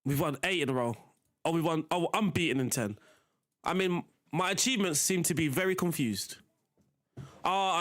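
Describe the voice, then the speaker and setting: A man's voice: on the high side, a bit bright. A young man live-streaming a football management game, chatting casually to his viewers as he plays. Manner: chatty, talks to chat while playing.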